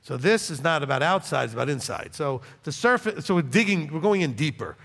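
A pastor preaching a sermon in a church in a conversational, animated way, often checking in with "okay?". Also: male voice, a little high, a little fast, vocal fry, long reverb tail.

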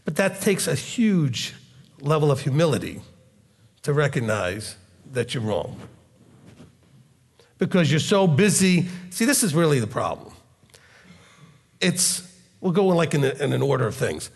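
A man's voice: a little high, in a large hall. A man teaching as a rabbi, asking rhetorical questions and acting out both sides of everyday arguments. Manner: animated, acts out dialogue, rhetorical questions.

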